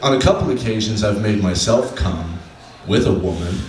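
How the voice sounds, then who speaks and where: A man doing a stand-up comedy set on a club stage, deadpan, slowing down for his punchlines. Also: on the low side, heavy background noise. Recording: echoey room from a distant mic, faint ambience.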